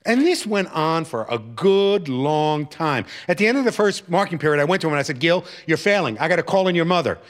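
A man's voice: a little high, a little fast, hardly any pauses. A man telling a personal story from his teaching life to an audience, acting out the voices of the people in it. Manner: animated, acting out quoted voices.

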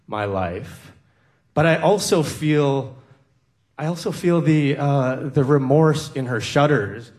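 A man from the American Midwest tells a personal story on stage at an unhurried pace. His voice sits at a middle pitch, and he sounds earnest and reflective, with flashes of dry humor. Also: a little mellow.

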